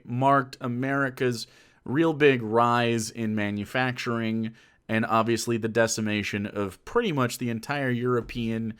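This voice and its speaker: A man's voice: medium pitch, clean tone. A young man streaming live, reacting to a video with sarcastic, rambling rants full of swearing. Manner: sarcastic, ranting, swearing often. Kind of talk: casual reaction commentary.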